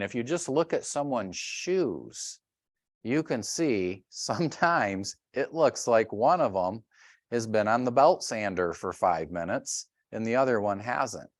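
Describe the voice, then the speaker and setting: A middle-aged man giving a health workshop, telling animated stories and acting out sounds and voices. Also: fairly low pitch, dry recording, clean studio sound. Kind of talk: lively workshop talk.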